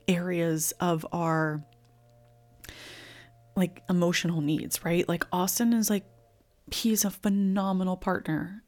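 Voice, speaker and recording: A young woman hosts a live reading, talking casually and earnestly with lots of filler words. Her voice sits a little low and has a gravelly fry, and she turns tearful and drops into soft whispers. She is filming herself indoors on video. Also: fairly even intonation, normal speed, pauses often. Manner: warm, earnest, chatty with frequent likes and ums. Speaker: intuitive reader and podcast host.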